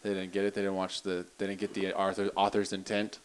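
A man co-hosting a podcast in casual chat, joking and rambling with quick asides. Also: low-pitched, monotone, a little hiss or hum. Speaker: podcast co-host.

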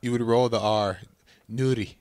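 A man speaks as a guest on a talk radio panel and recounts a story in an earnest way. His voice is on the low side and sounds dry and close to the mic. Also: moderate pace, dry recording. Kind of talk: casual talk radio discussion.

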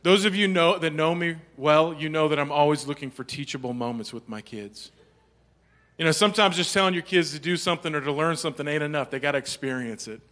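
A man telling a humorous family story to an audience, animated and playful. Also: fairly high pitch, fast. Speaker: speaker.

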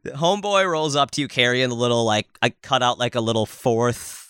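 A man's voice: mid-range voice, animated, a little fast, fairly bright tone, clear, resonant tone, dry recording, studio quality. A man co-hosting a podcast, rambling and joking crudely in casual chat. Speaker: podcast co-host.

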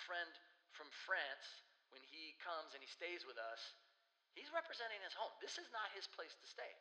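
A male pastor giving a sermon in an earnest, conversational way with slow pauses. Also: on the high side, pushed and bright. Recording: echoey hall with long reverb.

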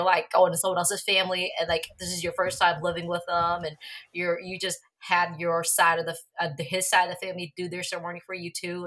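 A woman's voice: lowish voice, a bit bright. A woman in casual chat, explaining things earnestly.

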